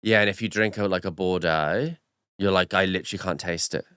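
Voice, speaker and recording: Man, low voice, bright and smooth, nasal, rambling podcast chat, dry room. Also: a little fast, no echo. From Australia. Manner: rambling, many fillers, nasal. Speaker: podcast co-host. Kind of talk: casual chat.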